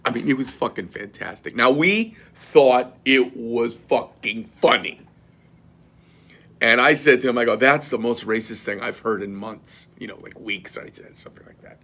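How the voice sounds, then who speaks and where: A middle-aged man, a knife company owner, telling a story in a blunt, profane and animated rant. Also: medium pitch.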